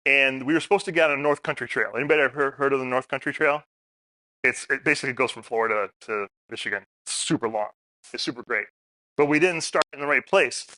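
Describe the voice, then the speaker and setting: A man's voice: mid-range voice, fast, sharp tone, dry recording, studio quality. A middle-aged man speaking at a community forum, telling stories in a casual way and asking the audience questions. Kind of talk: public talk. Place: meeting room.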